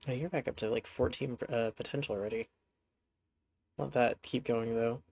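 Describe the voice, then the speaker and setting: A man's voice: mid-range voice, fairly even intonation, normal speed, creaky, a little mellow. A man streaming a horse game, talking casually to his horses in a rambling, chatty way, with a congested voice. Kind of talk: casual gameplay commentary.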